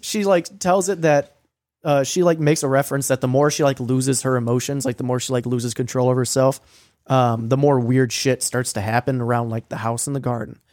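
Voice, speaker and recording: A young man telling a story in casual chat, swearing a lot and filling his talk with "like" and "um," sometimes acting out quoted lines in a higher voice. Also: fairly even intonation, fairly quick, darkish tone, no room sound, clean studio sound. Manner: profane, rambling storytelling with many fillers; acts out quoted lines with a raised voice. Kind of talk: casual recap of a streamed game.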